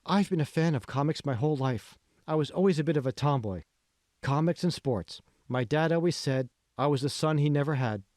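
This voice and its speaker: A friendly, tomboyish young woman who talks in a chatty, upbeat way, pitched up from the reader's usual voice by a man. It is a dry, close audiobook recording. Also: brisk, a little mellow, no echo, lightly acted.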